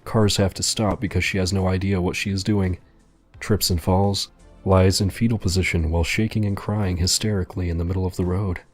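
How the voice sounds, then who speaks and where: A man with a fairly low voice tells a story in a dry, deadpan narration. Faint music plays quietly behind him. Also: fairly quick.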